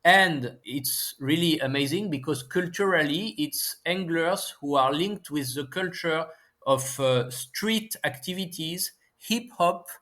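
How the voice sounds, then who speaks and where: A man from France with a French accent, speaking English as a second language, talking casually as an interview guest and pausing often to find his words. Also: fairly high pitch, bright, forceful tone. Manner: halting, searching for English words. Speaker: guest scientist and author.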